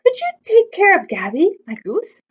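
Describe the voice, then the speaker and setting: A woman's voice: very high voice, wildly swooping pitch, moderate pace, voice pushed up, heavily acted. Woman as a polite little boy in a storybook, plainly spoken, on lo-fi audio. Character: polite young boy at the door. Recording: dull lo-fi recording.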